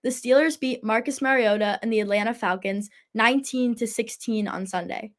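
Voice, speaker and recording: A woman's voice: a little high, normal speed. A teenage girl hosting a casual sports talk show, chatty and enthusiastic. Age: teens. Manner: chatty and enthusiastic, laughs often. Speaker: host.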